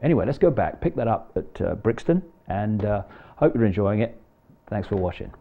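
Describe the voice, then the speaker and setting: A man giving a live talk to an audience, animated and shifting between quiet asides and loud emphatic points. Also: fairly low pitch, brisk. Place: large hall, live audience. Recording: dull lo-fi live hall recording with long reverb.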